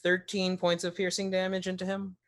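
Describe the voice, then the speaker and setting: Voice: mid-range voice, monotone, a little fast, fairly bright tone, slight background noise. A player in a tabletop game, calling out dice rolls and actions in a casual way.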